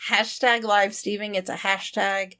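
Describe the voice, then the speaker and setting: A woman co-hosts a casual podcast in a mid-range, level voice at a measured pace, with a crowd audible behind her. Warm and reassuring, she often repeats herself for emphasis.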